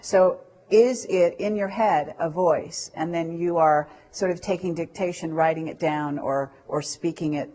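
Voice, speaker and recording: A woman interviewing a guest, asking probing questions in a halting way. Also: lowish voice, mellow.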